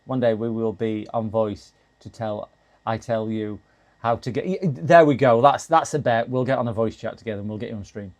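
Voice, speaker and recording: A man's voice: lowish voice, moderate pace, darkish tone. A middle-aged man casually chatting to his live-stream audience while repairing a computer, often restarting sentences and laughing. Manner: chatty, talks to chat while working, frequent restarts and laughs.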